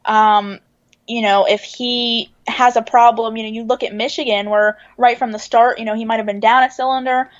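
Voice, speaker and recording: A woman with a fairly high voice talks through her thoughts in a measured, thinking-aloud way, dotted with fillers and restarts. The sound is a little dull and lo-fi. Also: level tone. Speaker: guest racing writer. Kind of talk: casual podcast chat, analysis.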